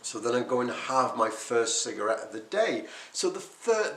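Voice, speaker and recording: A man, talking unscripted to camera as a quit-smoking coach, animated and emphatic, often poking fun at himself. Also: a little high. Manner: animated, emphatic, self-deprecating. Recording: echoey room.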